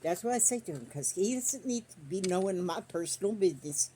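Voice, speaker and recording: An older woman talks on her quilting vlog, rambling and folksy with loose country grammar. Her voice sits a bit low. The recording is made on a phone on a stand, with a faint hiss of background noise. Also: lively intonation, a little fast, dark tone. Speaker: quilting vlogger. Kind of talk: casual chat while sewing.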